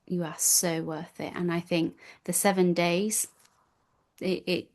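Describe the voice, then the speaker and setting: Slow, heartfelt woman interviewee. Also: fairly low pitch, little pitch movement, a little mellow. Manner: heartfelt, gushing, many restarts. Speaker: retreat attendee guest. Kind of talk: reflective interview answers.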